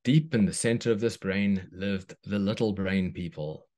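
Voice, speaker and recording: Children's author reading a story aloud, man, deep voice, gentle and slow. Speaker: children's book author, guest.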